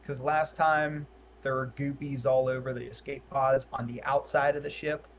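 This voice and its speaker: A man's voice: medium pitch, level tone, moderate pace, slight background noise. Hesitant man thinking aloud at the table. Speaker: player. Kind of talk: casual tabletop game chat.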